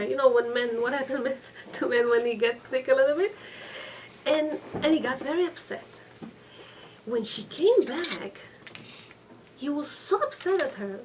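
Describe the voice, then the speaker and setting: A woman's voice: sits high, expressive, moderate pace, darkish tone. A middle-aged woman giving a religious class, telling stories with acted-out quotes and checking in with her listeners. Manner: storytelling with acted quotes, frequent restarts and "okay?" checks. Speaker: rabbanit giving a weekly class. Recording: distant mic with faint room noise.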